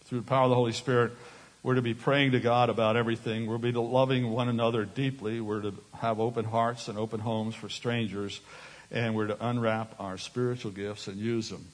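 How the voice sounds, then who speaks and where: A man preaches a storytelling sermon from a stage in a reverberant hall, sharing personal anecdotes and animatedly acting out other people's voices. His voice is mid-range and brisk.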